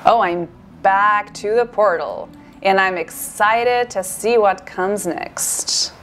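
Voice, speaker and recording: Excitable woman, unhurried game commentary, mid-pitched, self-correcting. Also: faint music behind. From Portugal or Brazil (Portuguese-speaking). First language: Portuguese. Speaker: gaming streamer and marine biologist. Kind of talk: casual gameplay commentary.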